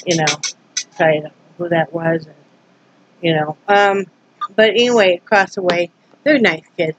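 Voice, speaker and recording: Animated woman vlogger telling a story. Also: medium pitch, normal speed, poor audio. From Wyoming. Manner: animated retelling, acting out both sides of a tense encounter; earnest, rambling, many restarts. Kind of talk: casual storytelling to camera.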